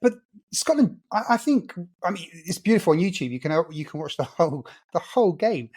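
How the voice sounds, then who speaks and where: A man's voice: high-pitched, big pitch swings, fairly quick, a little mellow, breathy edge. A man co-hosting a casual football podcast, telling stories with enthusiasm. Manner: enthusiastic, storytelling. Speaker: podcast co-host.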